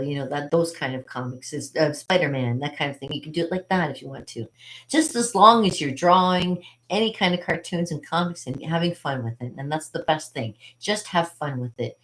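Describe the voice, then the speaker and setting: A woman's voice: sits low, low-quality recording. A woman hosting a cartooning channel, showing her drawings in a chatty, rambling way and laughing often. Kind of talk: casual drawing tutorial.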